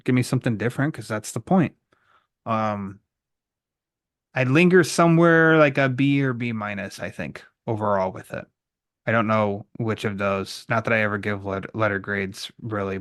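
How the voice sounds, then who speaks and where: A man's voice: fairly low pitch, a bit bright, dry recording, studio quality. A man hosting a podcast in a casual, rambling way, with fillers and jokes, wrapping up the episode. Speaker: podcast host. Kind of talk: casual podcast chat and outro.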